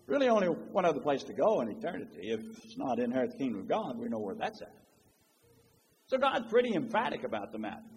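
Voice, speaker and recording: A male preacher delivers an emphatic sermon, his high, husky voice swinging widely up and down. He quotes scripture in old-fashioned wording, and the long reverb of a large church hall trails each phrase.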